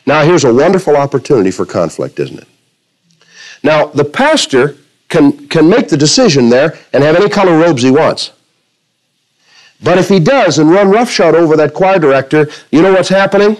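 Male preacher, slightly higher voice, delivers a sermon with stories and slow, drawn-out scripture readings. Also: lively intonation, poor audio. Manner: preaching with illustrations, quoting scripture, varying pace. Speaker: pastor.

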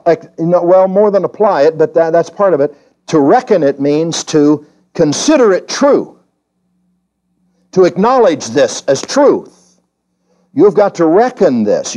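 A man preaching an evening sermon in church, emphatic and questioning the congregation, often climbing high in pitch to stress a point. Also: mellow. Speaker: pastor. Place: church during a service.

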